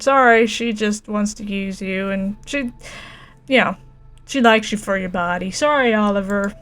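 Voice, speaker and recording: A woman's voice: mid-range voice, normal speed, a bit bright, faint music behind. Wry woman playing a story game. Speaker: let's play gamer. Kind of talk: casual game commentary.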